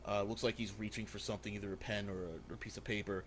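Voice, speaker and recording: A man's voice: fairly low pitch, flat delivery, racing, fairly bright tone, a little hiss or hum. Man narrating a tabletop game. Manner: casual, filler-heavy narration. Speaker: game master.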